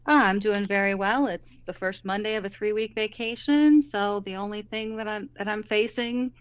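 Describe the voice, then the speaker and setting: A woman in her fifties chatting on a podcast in a relaxed, amused way. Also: medium pitch, normal speed, clean tone, dry recording. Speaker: podcast guest. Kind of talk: casual chat. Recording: dull lo-fi call audio.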